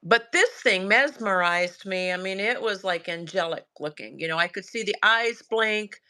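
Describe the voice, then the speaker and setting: Mid-range in pitch and speaking at normal speed, a woman with a Southern US accent appears as a guest describing a sighting. In relaxed chat she animatedly voices her son and herself, laughing frequently.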